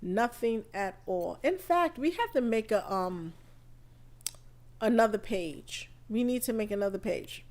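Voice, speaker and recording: A woman hosting a live podcast stream, feeling under the weather and chatting in an unhurried, rambling way full of fillers. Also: a little high, expressive, a little mellow. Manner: unhurried, chatty, thinking aloud with many fillers. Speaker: podcast host. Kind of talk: casual live-stream talk.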